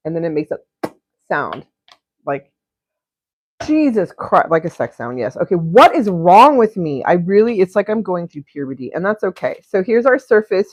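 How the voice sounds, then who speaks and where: A woman's voice: lowish voice, no echo, dull audio. A young woman hosting an art livestream, chatting casually and crudely while she paints, rambling and giggling between topics.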